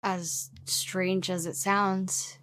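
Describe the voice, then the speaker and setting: A woman speaking in character in a tabletop game, slow and deliberate. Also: lowish voice, little pitch movement, fairly bright tone, dry recording, studio quality. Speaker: player.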